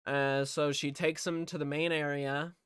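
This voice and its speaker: Slow, smooth-voiced man recapping a film. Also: on the high side, flat delivery, a bit bright, no room sound, clean studio sound. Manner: rambling, profane, filler-heavy. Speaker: movie reviewer. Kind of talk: casual movie plot recap.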